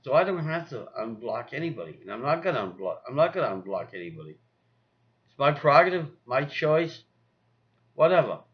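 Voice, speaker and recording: A man's voice: mid-range voice, sing-song, brisk, lo-fi sound. A man rambling in a casual vlog, repeating himself and talking to his cat and his viewers. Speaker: vlogger. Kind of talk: casual vlog talk to camera.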